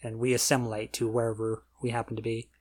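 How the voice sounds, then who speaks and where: A podcast co-host chatting casually at a medium pitch. The delivery is relaxed and agreeable, with frequent murmured affirmations. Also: quick pace. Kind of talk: casual chat.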